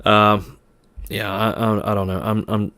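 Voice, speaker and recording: A man runs a live trading stream and talks to his chat in an aggravated, repetitive way. His voice sits low and stays smooth and resonant as he vents. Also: little pitch movement, unhurried, bright, forceful tone. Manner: frustrated, repeats himself, sighs.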